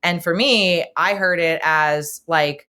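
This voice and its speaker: A woman with a lowish voice chatting casually on a podcast. She tells her stories with energy and acts out the people she quotes. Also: takes it slowly, pushed and bright, smooth. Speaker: podcast guest, host's best friend. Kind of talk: casual chat.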